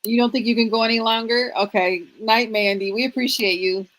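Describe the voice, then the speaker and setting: A chatty woman co-hosts a relaxed livestream. She laughs often and greets viewers by name in a casual, easygoing way. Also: a little high, a little fast, low-quality recording. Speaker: livestream co-host.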